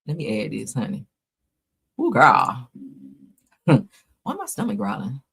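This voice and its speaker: Bright-voiced sassy gossip host woman. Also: rumbling low, wildly swooping pitch, unhurried, gravelly, slightly rough. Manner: sassy, chatty, calls audience girl and honey. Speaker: live show host. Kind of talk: casual gossip chat.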